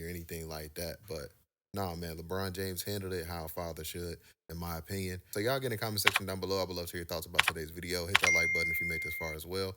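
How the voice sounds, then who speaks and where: A man's voice: deep voice, steady tone, fast, bright, forceful tone. A man giving casual opinion commentary as a YouTube commentator, opinionated, slangy and conversational.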